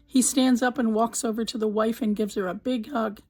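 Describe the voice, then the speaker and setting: As host of her channel, a woman narrates a scripted countdown of marriage jokes, building up to each punchline like a storyteller. Her voice is a little high and darkish, with a steady tone and normal pace, though the audio quality is poor.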